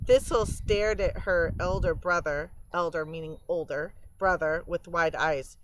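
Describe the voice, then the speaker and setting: A woman reading a storybook aloud to children, pausing to explain words and pictures in a gentle way. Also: lowish voice, a little hiss or hum, low-quality recording.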